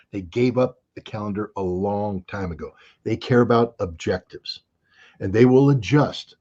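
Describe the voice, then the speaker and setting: Here is a middle-aged American man talking politics with a husky, breathy edge and a blunt, sarcastic bite. His audio comes through dull and lo-fi, like a remote interview link. He keeps slipping into mocking quotes of other people. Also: mid-range voice. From United States. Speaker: interview guest, commentator. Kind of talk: heated political commentary.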